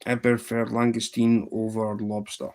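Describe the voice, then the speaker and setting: Seated at an indoor tying bench, a man hosts a fly-tying livestream, chatting casually, fielding viewer questions and cracking jokes. His voice is lowish, a little mellow and fairly monotone, and he takes his time.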